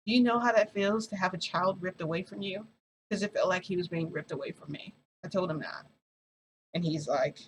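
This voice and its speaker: A woman's voice: deep voice, steady tone, fairly quick, background noise. A woman vlogger telling a long personal story in casual, rambling speech with frequent asides. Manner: rambling, dramatic, many fillers and asides. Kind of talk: casual storytelling about a shifting experience.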